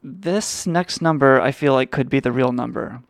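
A man's voice: mid-range voice, normal speed, gravelly, dry recording, studio quality. A man hosting a livestream, rambling in a crude, sarcastic way. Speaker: podcast host. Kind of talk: casual profane livestream chat.

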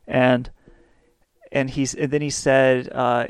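Smooth-voiced man, dry close mic. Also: mid-range voice, level tone, slow, no room sound. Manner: wry storytelling with mocking quoted voices. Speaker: podcast co-host. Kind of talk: casual podcast chat.

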